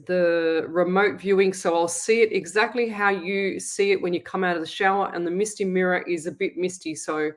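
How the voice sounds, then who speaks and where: A middle-aged Australian woman hosting a live psychic stream, who chats in a rambling way and then leads a slow, soothing guided meditation. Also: on the low side, fairly even intonation. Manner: slow, soothing, repetitive guidance; chatty, rambling self-explanation. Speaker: psychic medium host. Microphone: webcam on a live stream. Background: soft meditation music.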